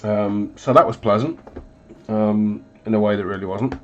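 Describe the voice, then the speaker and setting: A man chats his way through a home painting livestream, his voice stuffed up from illness and sitting low. He rambles and fills pauses with ums, poking fun at himself, over a dull lo-fi mic with a faint hiss behind him. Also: fairly even intonation. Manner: rambling, self-deprecating, many ums. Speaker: hobby livestream host. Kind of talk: casual livestream chat while painting. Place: hot home hobby room, windows closed.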